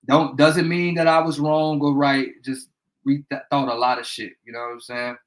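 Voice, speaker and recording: Speaking at a normal speed in a mid-range, level voice, a young man from Indiana runs a casual bedroom livestream, rambling, using profanity freely, and greeting viewers by name. The audio is poor.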